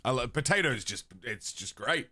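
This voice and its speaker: Chatty, lively-voiced man streamer. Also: medium pitch, normal speed, dry recording. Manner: chatty, swears casually, laughs often. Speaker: livestream host. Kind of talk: casual chat with stream chat.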